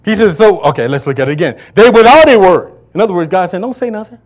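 A male pastor delivering a sermon to a congregation, joking and asking the listeners to fill in words, swinging between loud declarations and low asides. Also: animated, very fast. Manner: call-and-response preaching, asks congregation to fill in words. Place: church service before a congregation.

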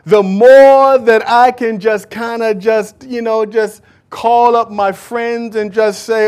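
A male preacher with a high voice tells a Bible story in a lively, conversational sermon. He swings between raised, urgent lines and hushed asides. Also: normal speed, hardly any pauses. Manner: animated storytelling, acting out biblical figures.

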